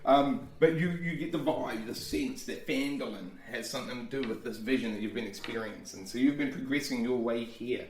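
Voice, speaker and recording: A man's voice: mid-range voice, a little fast, few pauses. A man narrates a tabletop game as dungeon master, in a loose, rambling way with many restarts. His voice sits in a middle range. The recording is roomy and picked up from some distance. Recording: echoey room, far from mic.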